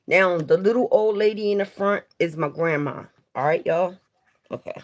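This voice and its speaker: A woman's voice: fairly low pitch, moderate pace. A woman chatting casually with viewers on a livestream, swearing freely and talking straight to them. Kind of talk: casual live stream chat.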